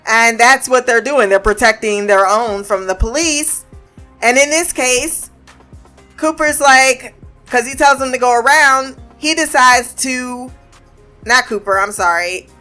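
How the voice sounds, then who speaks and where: Woman recapping a tv episode, kinda high voice, swears a lot, does the characters' lines, laughs a bunch, faint music behind. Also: takes it slowly, sharp tone. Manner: chatty, swears freely, acts out characters' lines; laughs often while retelling.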